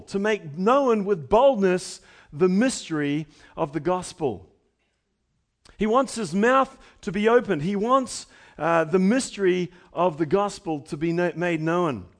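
A middle-aged male pastor preaching a sermon, building to emphatic declarations and dropping to quiet, conversational asides, often repeating himself as he restarts phrases. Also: high-pitched.

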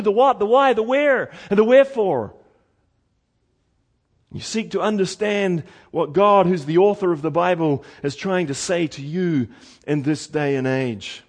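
A man preaching a sermon in a folksy way, repeating words and swinging from loud emphasis to hushed lines. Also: sits high. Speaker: pastor.

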